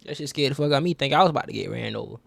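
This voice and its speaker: A young man hosting a reaction video, talking casually in excitable slang. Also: medium pitch, rapid-fire, vocal fry, no room sound.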